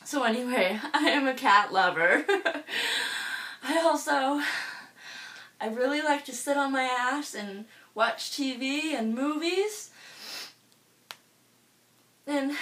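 A young woman giving a halting, awkward and overly emotional comic monologue as a spoof dating profile. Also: high-pitched, animated, bright, forceful tone. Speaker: video dating profile parody. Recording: voice a bit far from the mic.

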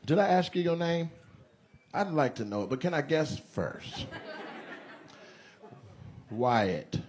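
A male stand-up comedian doing live crowd work, teasing audience members with quick questions and laughing asides. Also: a little high, big pitch swings. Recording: live show with loud crowd and noise.

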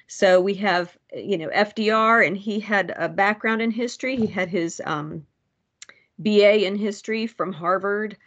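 Halting woman presenting at a meeting. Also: medium pitch, muffled recording. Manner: halting, many fillers and restarts. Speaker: history commission member presenting research.

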